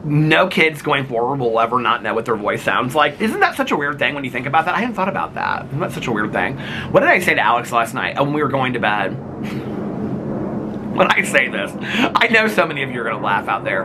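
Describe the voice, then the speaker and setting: A man's voice: mid-range voice, fairly quick, noisy background. A middle-aged man vlogging in a rambling, chatty way, full of "like" and "you know," and laughing at himself as he tells stories. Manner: animated storyteller who laughs at himself. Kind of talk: casual chat to camera.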